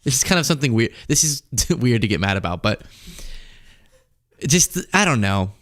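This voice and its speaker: A man's voice: mid-range voice, big pitch swings, normal speed, fairly bright tone. A man hosting a political commentary show, talking casually and sarcastically and laughing often.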